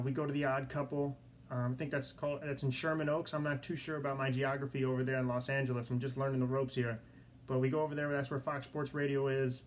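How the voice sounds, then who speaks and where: A young man hosting his own sports podcast in a studio, talking excitedly and repeating himself as he tells a story. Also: medium pitch, slight background noise. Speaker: podcast host. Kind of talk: solo podcast monologue.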